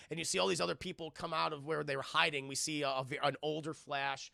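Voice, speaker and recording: A man reviewing a film on a live stream, talking to his chat in an animated, profane way. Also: on the high side, quick pace, creaky, few pauses, no room sound. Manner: animated, profane, laughs often, talks to chat.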